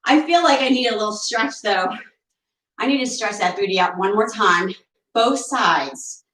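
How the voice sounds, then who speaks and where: A woman with a medium-pitched, slightly bright voice teaches a barre routine at home at a moderate pace. Somewhat breathless, she counts repetitions, offers encouragement and chats along the way. The room echoes and the distant mic yields poor audio.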